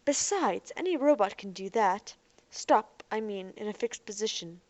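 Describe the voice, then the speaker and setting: A woman voicing a defensive, boastful young man in a robot body who is quick to shout. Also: mid-range voice, animated, no echo, close to an everyday voice.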